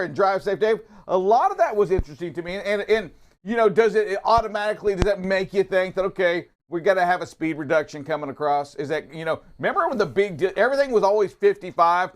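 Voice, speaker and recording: Upbeat man, high voice, chatty live-show co-host. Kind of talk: casual live-stream chat.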